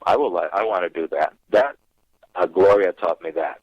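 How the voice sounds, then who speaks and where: A deep-voiced man phones a paranormal radio show and relates a personal ghost story at a moderate pace, acting out his own comments. There's no echo, and the phone line sounds dull and dry.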